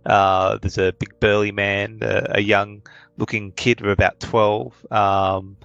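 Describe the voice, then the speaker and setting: A man narrating a tabletop game as game master, with halting speech full of fillers. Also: on the low side, little pitch movement, vocal fry, a bit bright, smooth, no room sound, dull audio.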